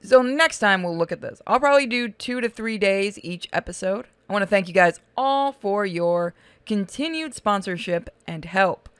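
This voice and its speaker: A woman's voice: mid-range voice, animated, normal speed, clean tone, no echo. A woman hosting a let's-play, casually reading out and narrating a text game.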